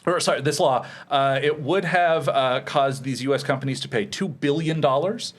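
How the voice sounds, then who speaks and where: A man's voice: on the high side, moderate pace. A man hosting a casual comedy panel, rambling and joking as he leads the talk with questions. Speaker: host.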